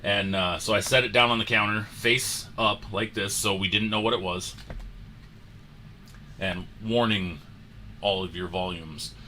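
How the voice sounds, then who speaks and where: A man hosting a sports card show, telling a story in a casual, animated way and acting out the moments. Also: lowish voice, measured pace, pauses often, a little hiss or hum.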